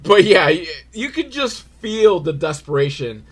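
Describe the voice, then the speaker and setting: A man's voice: high-pitched, sing-song, a little slow. A man giving a comedic movie recap, rambling and sardonic, with crude jokes and frequent swearing.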